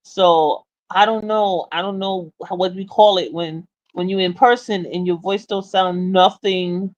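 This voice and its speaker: A woman's voice: lowish voice, fairly even intonation, a little slow, highs cut off. Teasing, giggly woman co-host. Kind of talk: casual chat.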